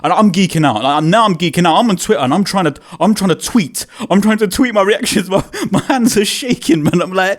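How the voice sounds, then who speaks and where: A young man tells an excited, slang-heavy story about a concert, swearing and acting out his own loud reactions. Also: high voice, a little fast, hardly any pauses. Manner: animated, swearing, British slang, reacts in loud quoted exclamations. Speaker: video creator.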